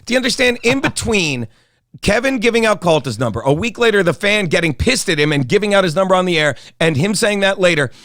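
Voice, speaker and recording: This middle-aged South Jersey comedian, a guest co-host, spins a long, rambling, profanity-laced story and laughs as he talks. His voice sits high with lively intonation, fast and a bit bright. The studio sound is clean, with no echo, in a casual storytelling chat.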